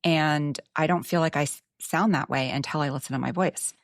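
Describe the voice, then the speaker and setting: A woman's voice: sits low, fairly quick, no room sound, clean studio sound. A woman with a Texan twang, talking reflectively as a guest on a podcast. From Texas. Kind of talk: casual podcast conversation.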